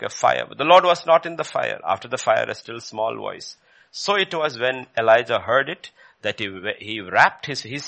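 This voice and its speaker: This male preacher has a gravelly, medium-pitched voice with a sharp tone. His sermon is emphatic and full of repeated phrases, and his voice rises sharply each time he quotes a question from scripture.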